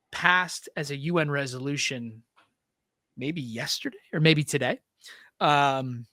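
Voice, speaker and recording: A man's voice: a little high, pushed and bright, no room sound, studio quality. A male podcast host chatting loosely about politics with a wry, filler-heavy delivery. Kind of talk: casual political chat.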